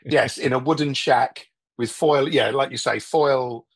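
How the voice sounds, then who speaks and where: A man's voice: mid-range voice, measured pace, gravelly, a loud crowd. A man talking as a guest in a casual conversation, rambling wryly and often stopping mid-thought to restart. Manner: rambling, self-interrupting, wry, breaks into mock voices. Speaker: guest, TV writer.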